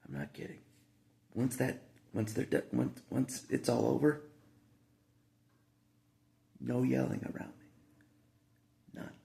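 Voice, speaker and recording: A man's voice: mid-range voice, gravelly, mellow. A man talking casually to the camera in a rambling monologue, repeating himself with frequent asides.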